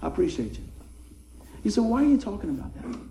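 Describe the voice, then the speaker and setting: Guy preaching, high-ish voice, churchy echo, goes soft then loud. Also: quick pace, gravelly, a little hiss or hum. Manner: folksy, animated, rises to excited shouts then drops soft. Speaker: pastor. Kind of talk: sermon. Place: church sanctuary.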